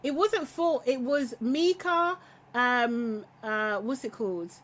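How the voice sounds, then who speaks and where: A woman's voice: fairly high pitch, takes it slowly, a bit bright. A woman hosting a live recap podcast, chatting casually and bluntly with opinions, laughing often and trailing off mid-thought. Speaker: podcast host reacting to a reality show.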